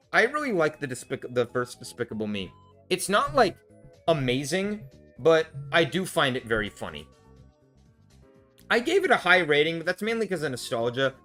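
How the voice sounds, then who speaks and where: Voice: mid-range voice, fairly bright tone. A vlogger ranting in a casual film review, angry and blunt, swearing heavily and restarting when worked up.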